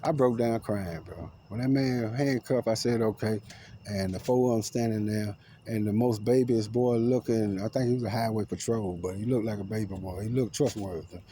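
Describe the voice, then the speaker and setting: A man tells a rambling, profane, paranoid story outdoors, swinging between loud outbursts and low mutters. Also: moderate pace, slight background noise. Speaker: vlogger. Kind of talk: agitated personal storytelling to camera. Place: outdoors among trees.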